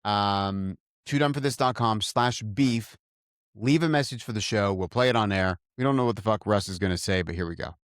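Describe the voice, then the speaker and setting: A man's voice: fairly low pitch, moderate pace, smooth, dry recording, studio quality. A man co-hosting a podcast in casual chat, playful and teasing, swearing casually. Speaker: podcast co-host.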